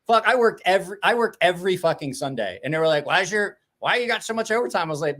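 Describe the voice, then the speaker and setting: Swearing man in his forties, slightly high. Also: expressive, quick pace, hardly any pauses, fairly bright tone. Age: 40s. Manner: rambling storyteller, swears constantly, laughs often. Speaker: podcast host. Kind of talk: casual profane chat.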